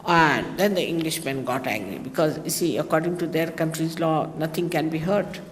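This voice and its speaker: A woman's voice: low voice, moderate pace, long reverb tail, a little hiss or hum. A woman from India with an Indian accent, a spiritual teacher giving a chatty talk to her followers, full of anecdotes and wry asides. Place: large hotel hall.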